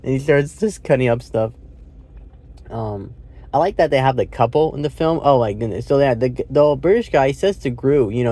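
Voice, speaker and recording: Warm and lively, his medium-pitched voice moves at a moderate pace as he loosely walks through a movie from his car. Fillers pile up, he swears offhandedly, and he keeps laughing at his own summary.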